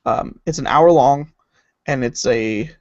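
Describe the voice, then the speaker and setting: Excitable man on a lo-fi podcast. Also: mid-range voice, slow, no room sound. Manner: chatty, excitable, trails off while searching. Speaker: podcast co-host. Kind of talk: casual chat.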